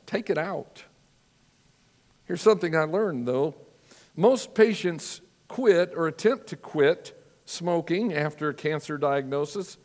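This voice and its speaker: A man preaching a sermon as a pastor, earnest and measured, telling stories with drama. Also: fairly high pitch, in a large hall.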